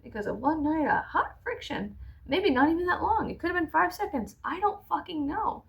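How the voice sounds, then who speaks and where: A woman's voice: extremely high pitch, expressive, moderate pace, creaky, muffled recording. A woman in her thirties telling a rambling, profane, sarcastic story-time vlog while doing her makeup. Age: 30s. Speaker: vlogger.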